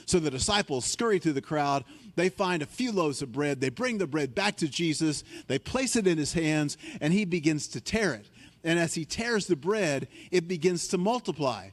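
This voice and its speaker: A man preaching a sermon as a guest speaker, telling the story with animation, acting out panicked voices in a higher tone and dropping low and quiet for key points. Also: lively intonation, normal speed, in a large hall.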